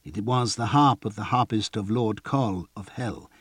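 A man voicing a smooth, flattering male trader who coaxes and persuades, in a storybook reading. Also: fairly low pitch, a little slow, no room sound, studio quality. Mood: wheedling. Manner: wheedling, persuasive.

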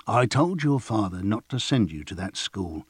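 A stern old retainer grumbles and scolds in a raised, lively voice, as a male narrator puts him on. He sounds blunt and disapproving, and the voice stays low-set and dry in the storybook reading. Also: moderate pace, slightly rough, no room sound. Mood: scolding. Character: gruff older man, stern disapproving retainer.

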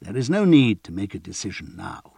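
A man voicing a smooth, flattering male trader who coaxes and persuades, in a storybook reading. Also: lowish voice, fairly quick, no room sound, full character voice. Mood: wheedling. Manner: wheedling, persuasive.

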